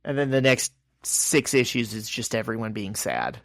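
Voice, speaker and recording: A man's voice: mid-range voice, normal speed, dry recording. A man co-hosting a podcast, casually recapping a comic and acting out the characters' lines. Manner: animated retelling, acting out quotes. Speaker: podcast co-host.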